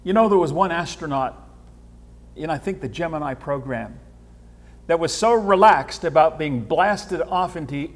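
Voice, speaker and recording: A man preaches from the pulpit, his fairly high voice carrying a husky edge. He stumbles over repeated words and swings from hushed asides to loud bursts. A long church reverb trails every phrase. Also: normal speed. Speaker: pastor. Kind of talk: sermon. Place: church sanctuary.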